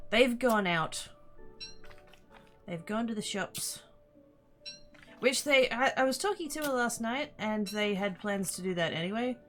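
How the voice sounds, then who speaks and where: An Australian woman livestreaming a game, her voice bouncing lively up and down in pitch. She chats with viewers and curses at the game, with music playing clearly behind her. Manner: chatty, swears and mutters while playing. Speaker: streamer. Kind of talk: casual gaming livestream chat.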